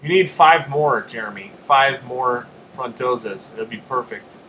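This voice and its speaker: Bright-voiced joking stream host man. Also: medium pitch, a little slow, slight background noise, low-quality recording. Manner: rambling, joking, reads chat aloud. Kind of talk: casual live stream chat.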